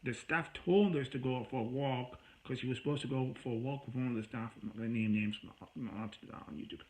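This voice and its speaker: A man's voice: fast, low-quality recording. Agitated man telling a personal story. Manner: agitated, rambling, with raised voice when quoting himself; self-described voice that gets high when upset. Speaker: vlogger.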